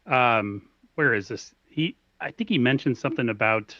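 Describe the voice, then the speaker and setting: A man hosting a casual podcast chat, talking haltingly and restarting his sentences. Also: mid-range voice, lively intonation, pushed and bright, no echo. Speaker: podcast host. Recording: dull, muffled audio.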